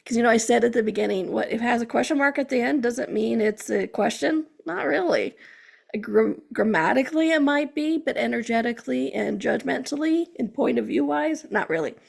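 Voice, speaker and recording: Gravelly-voiced chatty woman podcast host. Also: on the high side, fairly quick. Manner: chatty, animated, frequent "okay?" check-ins. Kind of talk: casual motivational monologue.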